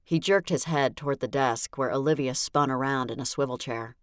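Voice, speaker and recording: A woman reads a first-person audiobook with a wry, exasperated edge, her voice sitting very low. The recording is close and dry, with no room echo at all. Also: brisk, clean tone. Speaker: audiobook narrator. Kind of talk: first-person scripted narration.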